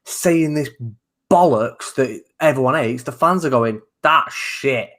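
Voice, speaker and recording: A man co-hosting a wrestling talk show, talking in a casual, animated way that is full of swearing and false starts. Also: mid-range voice, moderate pace. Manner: animated, swearing, rambling with many restarts. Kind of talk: casual chat.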